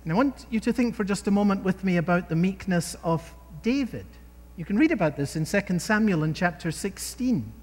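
A man's voice: high voice, animated, a little fast, a little mellow, long reverb tail. A man preaching a sermon in an emphatic way, often asking his listeners rhetorical questions.

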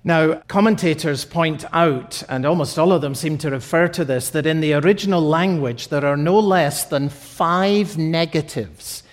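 A man preaching a sermon, slow and emphatic, repeating key phrases for weight. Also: a little high.

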